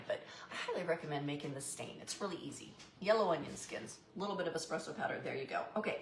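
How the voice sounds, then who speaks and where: A middle-aged woman, chatting casually as host of a craft livestream and greeting viewers by name. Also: lowish voice. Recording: echoey room with faint noise.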